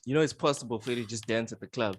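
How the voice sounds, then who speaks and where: A man co-hosting a casual gaming podcast, talking in a playful, animated way with frequent laughter. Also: mid-range voice, rapid-fire. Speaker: podcast co-host.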